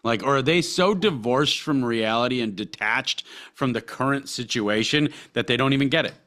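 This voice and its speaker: A man's voice: mid-range voice, moderate pace, a bit bright. A man co-hosting a podcast, talking in a crude, rambling way with lots of swearing and restarts. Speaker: podcast co-host. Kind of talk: casual crude podcast banter.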